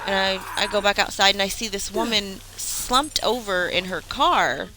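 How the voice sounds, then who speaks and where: A woman's voice: medium pitch, moderate pace, noisy background. A woman gaming streamer telling a story casually while she plays, with lots of fillers, breaking off now and then to react to the game. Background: game music.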